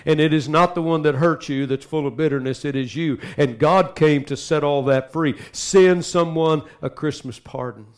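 A male pastor delivers a sermon in a slightly higher-than-usual voice. He moves between quiet, close asides and loud, rising appeals to the congregation. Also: normal speed, few pauses. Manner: swings from soft intimate asides to loud rising exhortation.

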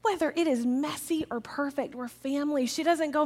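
A woman giving a jokey, lively talk to a church audience about children's ministry, acting out quotes in a raised voice. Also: high voice, moderate pace.

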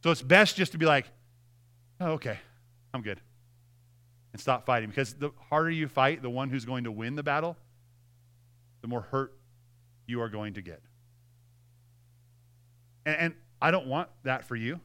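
A man's voice: medium pitch, animated, normal speed, pauses often, pushed and bright, clear, resonant tone. A man in his thirties preaching a sermon as pastor, earnest and conversational with frequent restarts.

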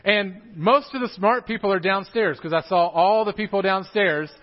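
A young man with a drawl preaches in a church, chatting and joking with his congregation. His voice sits a touch high. The recording is muffled and lo-fi. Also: moderate pace. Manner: joking, animated, talks straight to the congregation. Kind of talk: casual sermon with humor. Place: church sanctuary.

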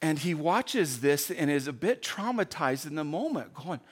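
A man with a slightly high voice preaching a sermon and telling a story. He swings between loud, quick bursts and hushed, slow passages. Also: lively intonation, husky. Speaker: pastor.

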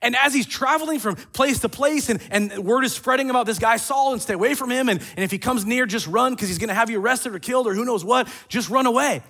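A man preaching a casual sermon, retelling scripture stories in an animated way with quick asides. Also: very high voice. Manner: animated storytelling with acted quotes and asides. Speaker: pastor.

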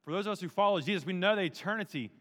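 A man with a high voice preaches with emphatic, down-to-earth energy and drops casual slang between solemn points. His voice rings out with a long reverb from a large hall. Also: rapid-fire, fairly bright tone. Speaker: pastor. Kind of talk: sermon.

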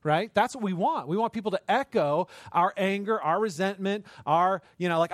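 A fairly high-voiced man preaching an informal, story-driven sermon, peppering his points with quick tag questions. His voice sounds dry and close, with little room echo. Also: lively intonation. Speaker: pastor. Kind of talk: conversational sermon.

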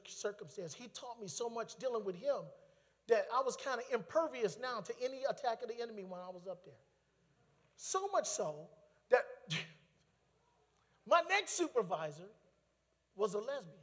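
High-voiced man preaching in an echoing hall. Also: moderate pace. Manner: animated storytelling with laughter and asides. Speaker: preacher giving testimony. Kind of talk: testimony sermon. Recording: long hall reverb.

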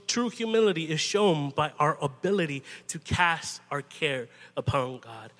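A man preaching a sermon in a conversational, halting way, often restarting and adding "you know". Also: fairly high pitch, fairly bright tone, big-room sound. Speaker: pastor.

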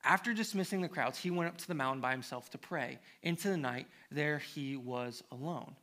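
Male pastor, sermon; fairly high, tense voice; reads scripture, then builds to emphatic appeals. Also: fairly quick, sharp tone. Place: church.

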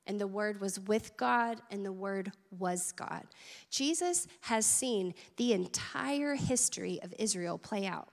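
A teaching pastor preaches a sermon in a large hall, her mid-range voice gravelly. She's earnest and conversational, making asides to the congregation.

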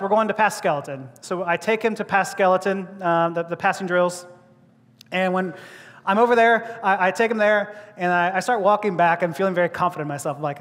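A man preaching a sermon as a pastor, telling a story with lively acted-out voices and frequent laughter, in a church. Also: sits high, fairly quick. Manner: animated storyteller, acts out voices, laughs often. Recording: long hall reverb.

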